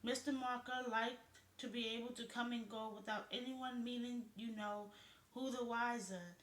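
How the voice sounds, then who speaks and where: A woman's voice: fairly high pitch, fairly even intonation, normal speed, a bit bright, lightly acted. A woman reading the lines of a gossipy, talkative man with a southern drawl, in a roomy-sounding recording. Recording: roomy echo.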